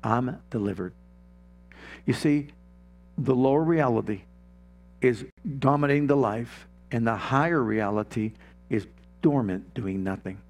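A man preaching a sermon, with emphatic, repetitive declarations, slowing down and dropping low for emphasis. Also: darkish tone.

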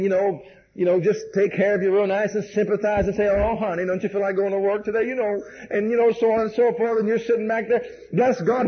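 A man's voice: sits high, lo-fi sound. A man preaching a sermon, telling folksy stories with many "bless God"s and "amen"s, acting out dialogue and laughing along the way.

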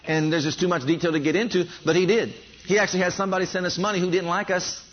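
A man's voice: high voice, fast, lo-fi sound, noisy background. A man preaching a sermon, telling stories from his own life and speaking directly to the congregation. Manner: animated storytelling, addresses congregation directly.

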